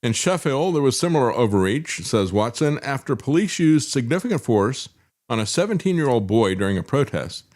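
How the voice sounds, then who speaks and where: A man's voice: mid-range voice, very animated, brisk, darkish tone. A male talk show host giving indignant, sarcastic commentary, with frequent fillers.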